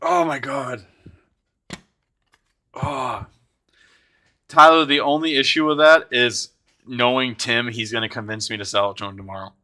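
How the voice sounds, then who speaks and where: Bright-voiced excitable male streamer. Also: mid-range voice, brisk. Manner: excitable, swears and shouts in bursts; talks to chat viewers by name. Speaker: streamer opening card packs. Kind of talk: live stream commentary.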